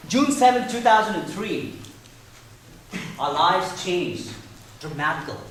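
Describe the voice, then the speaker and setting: Animated man telling a story in a hall. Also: sits high, unhurried, slight background noise. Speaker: contest speaker. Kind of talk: prepared contest speech. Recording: echoey hall, mic far off.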